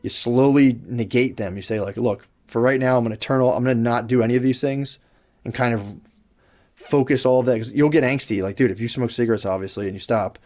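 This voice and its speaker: A man's voice: medium pitch, a little fast, darkish tone. Young guy rambling on a podcast, lots of likes and restarts, swears a bunch. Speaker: podcast co-host. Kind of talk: casual podcast chat. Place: podcast studio.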